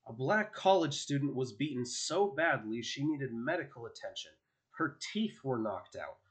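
A man's voice: mid-range voice, lively intonation, moderate pace, close to an everyday voice. A man reading an audiobook and voicing a fierce teenage superheroine who talks down a thug in a hard, commanding, scornful way. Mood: menacing.

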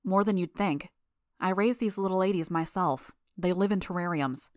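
A woman's voice: on the low side, moderate pace, no room sound, studio quality, lightly acted. A woman voicing a blunt, exasperated teenage girl villain in an audiobook reading. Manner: exasperated, matter-of-fact. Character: teenage girl villain who controls bugs, tired and blunt.

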